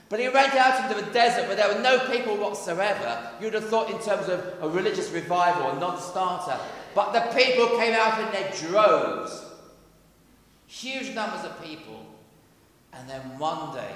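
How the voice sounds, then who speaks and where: A man, a vicar giving a conversational, animated sermon with jokey asides in a church. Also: on the high side, a little hiss or hum. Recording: echoey church hall, faint ambience.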